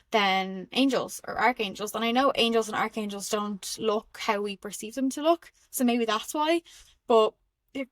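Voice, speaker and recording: A young Irish woman hosting a podcast, telling spiritual stories in an excitable, rambling way with frequent laughs. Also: fairly high pitch, no echo. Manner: excitable and rambling, laughs often, many fillers. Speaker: podcast host. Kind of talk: casual spiritual storytelling monologue.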